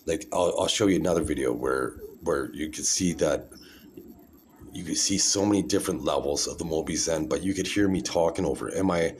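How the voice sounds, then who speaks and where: Deep-voiced man, forties, rambling phone monologue, keeps asking "right?", light background hiss. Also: a little fast.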